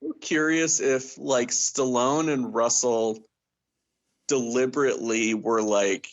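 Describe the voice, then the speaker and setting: A man's voice: mid-range voice, steady tone, slow. Guy cohost cracking jokes about a movie, muffled lo-fi mic. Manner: jokey, loose speculation with many "like"s. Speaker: podcast co-host. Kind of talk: casual chat.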